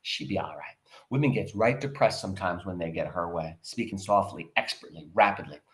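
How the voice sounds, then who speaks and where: A man voicing an older mother in a stage play, speaking softly and soothingly to calm her family. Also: brisk. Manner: soft, low, soothing.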